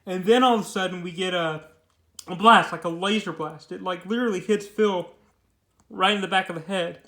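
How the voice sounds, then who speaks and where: Young man, comic review, casual rambling, high voice, echoey room. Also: fairly quick, sharp tone. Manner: rambling, filler-heavy, repeats words.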